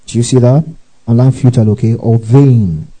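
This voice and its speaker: A man's voice: mid-range voice, normal speed, dark tone, poor audio. A man teaching a Bible passage verse by verse, often checking that his listeners follow and spelling out Greek words letter by letter.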